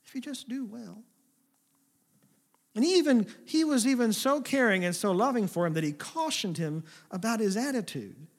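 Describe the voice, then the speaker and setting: A man preaching a sermon, swinging between emphatic, forceful passages and soft, hushed asides. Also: high voice, animated, a little fast, hardly any pauses. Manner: paraphrases God's words in a gentle, intimate voice. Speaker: pastor.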